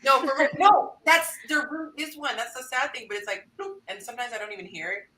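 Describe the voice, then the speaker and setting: A woman's voice: high voice, lively intonation, a little fast, a crowd in the background, low-quality recording. A woman hosting a live panel chat, bubbly and laughing at herself as she reads out questions. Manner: bubbly, laughing, self-deprecating. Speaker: host.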